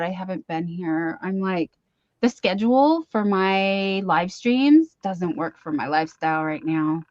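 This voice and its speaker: A woman's voice: fairly low pitch, lively intonation, unhurried, darkish tone, dry recording, dull audio. A woman hosting a late-night livestream, chatting casually and rambling as she reads comments aloud. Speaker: live stream host. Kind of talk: casual chat.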